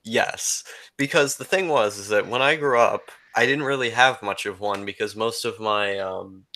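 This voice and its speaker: Southern-raised man, chatty YouTuber, bright tone. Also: on the low side, moderate pace. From American South. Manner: chatty, lots of "like" and "you know". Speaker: YouTuber and stream guest. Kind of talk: casual chat on a live stream.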